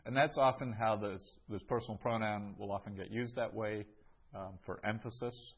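A man's voice: lowish voice, steady tone, normal speed, breathy edge, highs cut off. A man teaching a language lesson, patiently repeating each phrase and explaining it step by step. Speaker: Greek teacher. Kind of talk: classroom lesson.

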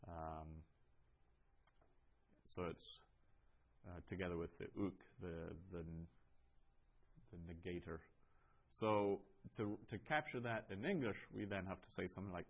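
A man teaching a language class, explaining patiently with pauses and restarts, reading phrases aloud. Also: deep voice, lo-fi sound. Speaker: Greek teacher. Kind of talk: classroom lecture.

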